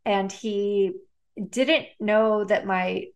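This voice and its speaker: A woman speaking as a guest, telling personal stories in a relaxed, chatty way with many fillers and frequent laughs. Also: medium pitch, very slow. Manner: chatty, lots of "like" and "um", laughs often. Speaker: guest, neuroscientist and author. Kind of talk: casual storytelling in a conversation.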